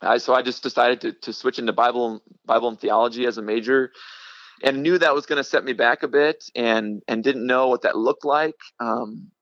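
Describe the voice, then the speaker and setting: A young man, a ministry director, telling his life story in a casual interview, halting with many fillers and restarts. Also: mid-range voice, fairly even intonation, a bit bright, no room sound, dull audio. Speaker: middle school ministry director, guest.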